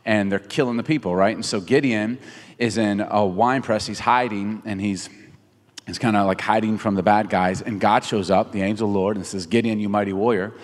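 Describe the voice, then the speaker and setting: A man's voice: lowish voice, fairly quick. A man in his thirties preaching a casual, joking sermon, retelling a story in everyday words. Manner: conversational and animated, jokes with the audience. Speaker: pastor. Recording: reverberant hall from a distance.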